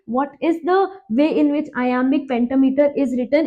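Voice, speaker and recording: A woman with an Indian English accent gives an exam-prep lecture on poetry. Her voice sits high, and she asks questions and answers them herself. She drags out and repeats the key terms. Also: phone-quality sound. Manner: quizzing, repeats key facts, slows to stress terms. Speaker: teacher.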